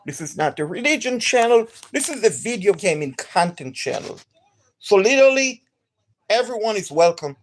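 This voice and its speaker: Energetic woman streamer with an accent. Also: mid-range voice. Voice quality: non-native accent. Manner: extremely energetic, enthusiastic. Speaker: gaming streamer. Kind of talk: live stream chat to viewers.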